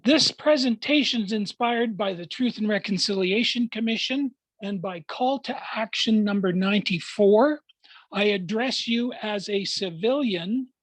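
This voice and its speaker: A man giving a formal prepared speech to a club over a video call, measured and deliberate, with emphatic pauses. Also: high-pitched, no echo, poor audio. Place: at home, joining remotely.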